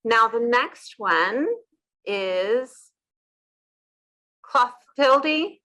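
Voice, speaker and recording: A woman's voice: a little high, animated, extremely slow, pushed and bright. A woman hosting a casual interview chat, upbeat, repeating words back and laughing at her own slips. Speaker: host.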